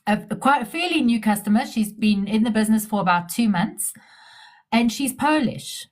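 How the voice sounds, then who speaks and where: A woman's voice: a little high, lively intonation, moderate pace. A middle-aged businesswoman, telling stories in a casual interview, chatty and repeating herself as she restarts sentences.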